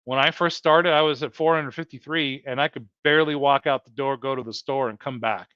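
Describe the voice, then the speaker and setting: A man's voice: medium pitch, steady tone, brisk, a bit bright, clear, resonant tone, no echo. A man hosting a livestream, talking earnestly and repetitively as he encourages his viewers, whom he calls folks. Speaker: livestream host. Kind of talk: heartfelt motivational livestream talk. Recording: dull lo-fi dry sound.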